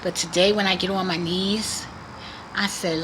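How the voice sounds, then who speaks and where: A woman's voice: on the low side, fairly even intonation, measured pace, noisy background. A woman vlogger earnestly sharing a religious testimony in casual, preachy talk, repeating phrases for emphasis. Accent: Boston area.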